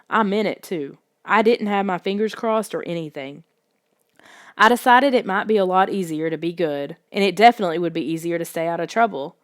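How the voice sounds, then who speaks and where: A woman narrating a children's story in the first person with expressive storytelling. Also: lowish voice, a little fast, no echo, clean studio sound. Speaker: audiobook narrator.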